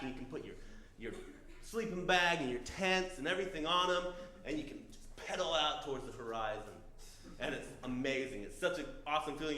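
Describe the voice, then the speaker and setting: A young man spins a comic story from a stage, his voice sitting a little high for a man. He talks loose and casual, cursing freely as he acts out the scenes. The room rings with a roomy echo. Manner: laid-back, swearing, animated retelling. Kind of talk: live comedic storytelling. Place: comedy stage in front of an audience. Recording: echoey live room.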